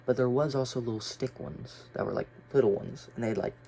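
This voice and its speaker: A man's voice: mid-range voice, brisk, dark tone, slight background noise. A young man telling a story casually, rambling and swearing with lots of fillers. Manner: rambling, profane, filler-heavy.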